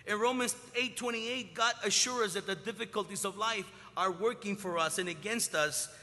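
Bright-voiced male preacher in a reverberant hall. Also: sits high, normal speed. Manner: dynamic preaching, swinging from loud to hushed. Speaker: pastor. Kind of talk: sermon. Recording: long reverb of a large hall.

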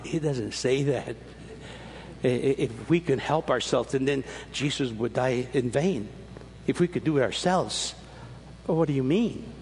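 A man preaching a sermon, telling stories animatedly with emphatic rises and frequent restarts, his voice husky. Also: medium pitch, normal speed, a little mellow, a little hiss or hum. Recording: long reverb of a large hall.

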